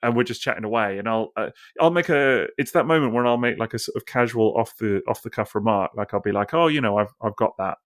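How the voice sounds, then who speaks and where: A man with a fairly low voice rattles through a casual podcast story, piling on fillers and restarts. The sound is dry and close, with no room around it. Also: no room sound. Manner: quick, rambling storyteller with many fillers. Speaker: podcast co-host. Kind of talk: casual chat.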